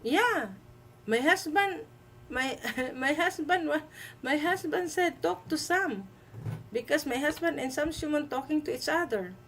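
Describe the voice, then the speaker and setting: Woman host, high voice, slow emphatic delivery, light noise behind. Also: animated, a bit bright, low-quality recording. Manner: emphatic, repeats herself, halting with fillers. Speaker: livestream host. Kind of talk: live-stream commentary.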